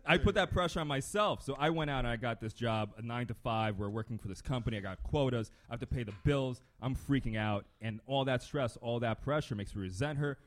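A man's voice: medium pitch, fairly quick, hardly any pauses. A man hosting a casual chat, candid and conversational, steering the talk with questions. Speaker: host.

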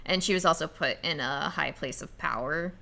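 A woman's voice: deep voice, normal speed, creaky. A woman co-hosting a podcast, casually recapping comics and laughing easily. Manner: relaxed, laughs often, recaps plot. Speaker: podcast co-host. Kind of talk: casual chat about comics.

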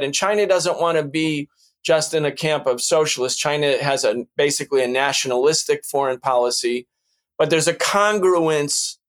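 A man hosting a political talk show, speaking in an emphatic, lecturing way and repeating points for stress. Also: a little high. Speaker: podcast host. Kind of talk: political commentary.

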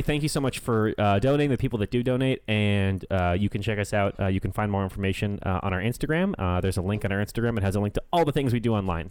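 A man's voice: on the low side, darkish tone, no echo. A man co-hosting a podcast in casual chat, goofy and self-mocking. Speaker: podcast co-host.

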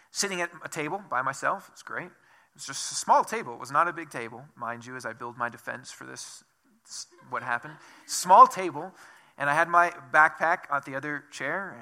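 A man's voice: mid-range voice, pushed and bright. A male pastor preaching a sermon in a conversational, self-deprecating storytelling manner, asking his listeners many questions.

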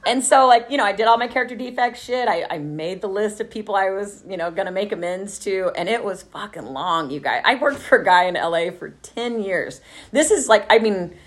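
A woman's voice: medium pitch, expressive, brisk. A woman, telling a candid, profane story of her own recovery to a group. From Texas. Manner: candid, profane, laughing often, acting out the quoted voices. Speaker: speaker sharing a recovery story.

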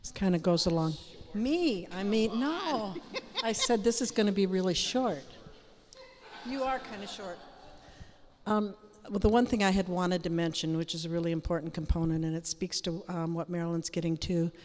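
A woman sharing earnestly at a prayer meeting and pausing often on ums. Her voice sits on the low side. The room adds a long, echoing reverb. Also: a little mellow. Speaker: prayer group member.

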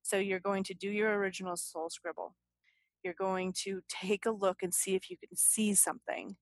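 A woman's voice: mid-range voice, flat delivery, normal speed, no echo. Upbeat chatty woman podcast host. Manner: chatty, upbeat, many fillers and restarts. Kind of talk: casual podcast chat.

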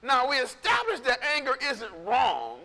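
Man, pastor, conversational storytelling sermon, animated, ringing sharp voice. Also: very high-pitched, normal speed, big-room sound. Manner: animated, conversational, acts out quotes.

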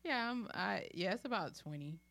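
A woman's voice: mid-range voice, normal speed, gravelly. A young woman in casual podcast chat, telling family stories with frequent laughter. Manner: laughing, expressive, animated storyteller.

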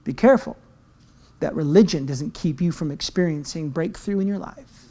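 A man preaching a sermon as pastor, swinging from loud shouts to quiet asides and dropping into slang. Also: fairly high pitch. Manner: talks in slang.

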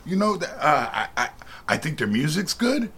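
A man's voice: fairly high pitch, sing-song, moderate pace, crowd noise. An older man stopped on the street for an interview, talking in a hesitant, rambling way with many restarts. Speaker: passerby. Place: outdoors on a street.

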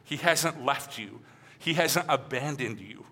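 Bright-voiced preacher in a reverberant hall. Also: male voice, mid-range voice, lively intonation. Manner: emphatic preaching, often asking "right?"; drops soft and slow on key phrases. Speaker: pastor. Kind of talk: sermon.

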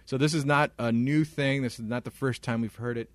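A young man co-hosting a podcast, telling a story in casual chat, animated and laughing often. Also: mid-range voice, a little fast, no echo. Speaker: podcast co-host.

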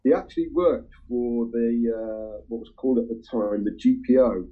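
A man chatting casually with friends about a song, talking in a halting way with lots of ums and restarts. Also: mid-range voice, slightly rough. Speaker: music-sharing group member. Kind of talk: casual chat. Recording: tinny phone-like line.

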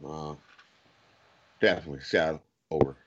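A man's voice: very deep voice, fairly even intonation, normal speed, fairly bright tone. A man co-hosting a casual sports betting chat, joking and telling funny stories. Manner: jokey, tells funny stories. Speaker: co-host. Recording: dull lo-fi sound.

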